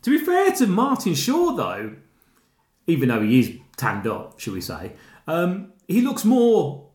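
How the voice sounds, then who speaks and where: A man with a Birmingham accent talks through an old film in casual podcast chat. His voice sits a little high and swings lively up and down, with frequent laughs. The room around him is echoey. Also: measured pace. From Birmingham, England. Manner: chatty, laughs often, rambling asides. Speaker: podcast co-host.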